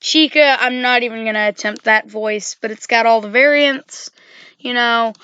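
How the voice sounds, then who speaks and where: A woman's voice: a little high, moderate pace, bright, forceful tone, clear, resonant tone, muffled recording. A woman giving casual, rambling game commentary, full of fillers and self-corrections.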